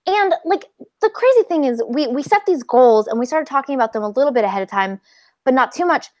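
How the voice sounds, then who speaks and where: A woman's voice: high voice, lively intonation, fairly quick, a little mellow, no echo. A woman co-hosting a podcast in casual chat, enthusiastic and rambling. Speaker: podcast co-host.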